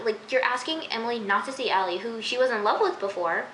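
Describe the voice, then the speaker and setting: Woman, vlog reviewer, exasperated chatty rant, bright tone, faint background hiss. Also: on the high side, brisk, hardly any pauses. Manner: exasperated, chatty ranting with many fillers. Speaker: TV episode reviewer. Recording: roomy echo.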